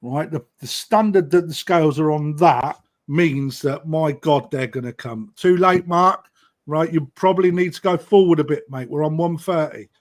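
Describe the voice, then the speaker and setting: A middle-aged man with a British accent runs a live koi auction stream, calling bids and countdowns in a friendly, matey patter. His voice sits a touch higher than most men's. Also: normal speed. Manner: chatty, matey banter, calls bids and time.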